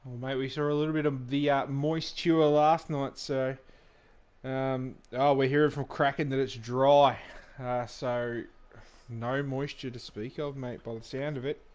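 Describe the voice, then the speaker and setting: An Australian man co-commentates sim racing live, his medium-pitched voice moving a little slowly. He's easygoing and dry-humoured, trading relaxed banter packed with ums and other fillers.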